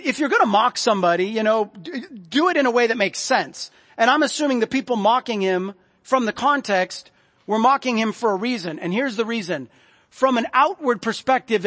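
A man preaching a sermon in a conversational way, often dropping to soft, low tones for emphasis. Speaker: pastor. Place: church sanctuary. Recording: long reverb of a large hall.

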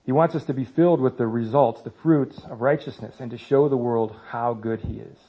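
A man's voice: medium pitch, fairly quick. A man in his thirties speaking to a church congregation about parenting, in a conversational way with self-mocking humor. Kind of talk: church talk. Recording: slightly dull lo-fi sound.

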